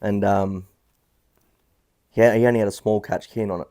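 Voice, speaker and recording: A man's voice: lowish voice, fairly even intonation, normal speed, mellow. A man, chatting casually as a podcast guest, rambling with frequent restarts. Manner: laid-back, rambling with many restarts. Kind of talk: casual chat.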